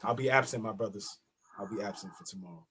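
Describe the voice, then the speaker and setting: A man's voice: on the low side, quick pace, fairly bright tone, husky. A man co-hosting a casual sports podcast, easygoing and agreeable, laughing often. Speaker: podcast co-host.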